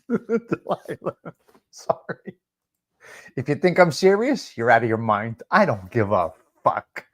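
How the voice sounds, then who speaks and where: A man's voice: mid-range voice, big pitch swings, normal speed. A middle-aged man hosting a casual live chat, teasing viewers, repeating himself and dropping Italian phrases. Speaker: livestream host.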